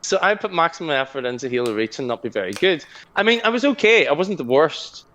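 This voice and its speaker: Animated swearing man telling gaming stories. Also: on the high side, fast. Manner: animated storyteller, swearing, laughing often. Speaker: podcast co-host. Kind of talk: casual chat.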